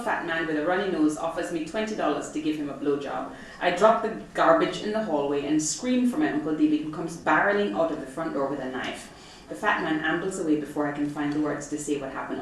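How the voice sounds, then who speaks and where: A middle-aged woman reading from her memoir to a live audience, expressive and profane with comic timing. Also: deep voice. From Jamaica. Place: arts center event hall, audience present. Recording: echoey hall from far off, faint noise.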